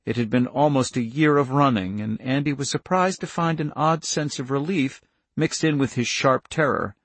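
A man reading a novel aloud in a measured, tense storytelling voice. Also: medium pitch, breathy edge, no echo. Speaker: narrator. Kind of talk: audiobook narration.

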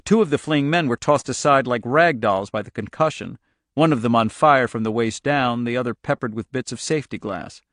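A man with a mid-range voice narrates an audiobook in a steady, dry way. It's scripted narration with measured storytelling, captured in a dry recording.

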